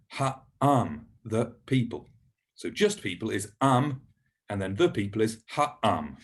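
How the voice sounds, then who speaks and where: Husky-voiced man teaching pronunciation. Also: medium pitch. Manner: patient, encouraging, slows down to model words. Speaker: Hebrew teacher. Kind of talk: recorded lesson narration.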